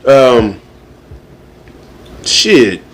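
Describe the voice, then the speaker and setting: A man's voice: mid-range voice, sing-song, very slow. A man on a casual panel who rambles through his points, leaning again and again on "you know what I'm saying".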